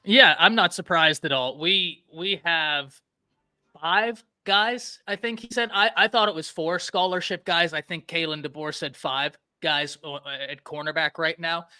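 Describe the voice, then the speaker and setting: A man with a mix of Texan and New York accent, talking football in an animated, emphatic way. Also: a little high, a little slow, smooth. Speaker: co-host, football analyst. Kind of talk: casual sports talk.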